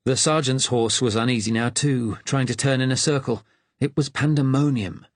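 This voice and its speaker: A man narrating an audiobook thriller in a measured, tense storytelling voice. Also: mid-range voice, no room sound.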